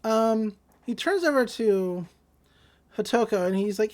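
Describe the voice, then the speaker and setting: A woman's voice: a little high, animated, a little mellow. Young woman acting out anime scenes. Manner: retells scenes with quick acted voices for each character. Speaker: podcast co-host. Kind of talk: casual recap of an anime episode.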